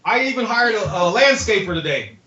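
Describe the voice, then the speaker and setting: A man's voice: high voice, expressive, fairly quick, sharp tone. A man performing a playful, self-mocking stand-up comedy set in a home garage, chatting loosely with a few people around him. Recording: echoey garage, lo-fi live stream audio.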